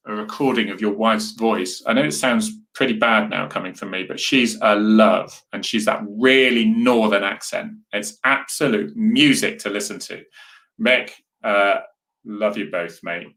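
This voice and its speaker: A man's voice: lowish voice, fairly bright tone. A man hosting a casual live chat, talking earnestly and rambling as he answers viewer comments. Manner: rambling, earnest, with many restarts and asides to viewers. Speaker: host.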